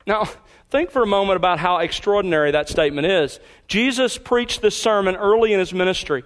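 High-voiced man preaching an emphatic sermon. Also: animated, a bit bright. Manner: emphatic, teacherly, slows down on key phrases. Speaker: pastor.

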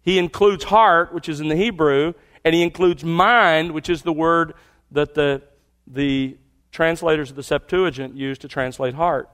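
Man, preacher, slightly high voice, emphatic, repeats key words, sermon. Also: measured pace, fairly bright tone. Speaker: pastor.

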